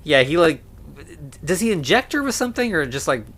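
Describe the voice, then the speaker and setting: A man's voice: on the high side, very animated, brisk, a bit bright. Man, podcast co-host, casual movie recap, laid-back, lots of fillers. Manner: laid-back, many fillers, acts out lines.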